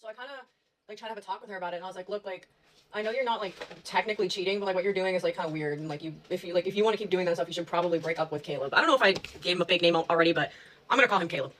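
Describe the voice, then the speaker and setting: A woman's voice: fairly low pitch, racing, a bit bright, slight background noise, rough recording. A young woman telling a story to her viewers in a casual, chatty way, full of fillers and swearing.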